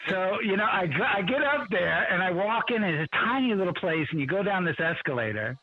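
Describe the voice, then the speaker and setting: A man who writes on college football, a guest telling stories in an animated way on a radio show. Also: high-pitched, a little fast, muffled recording. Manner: animated storyteller, acts out quotes. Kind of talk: storytelling in a radio interview.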